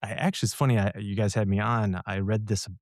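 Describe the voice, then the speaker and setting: A man as a guest on a podcast, making relaxed jokes in casual chat. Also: on the low side, quick pace, no echo, clean studio sound.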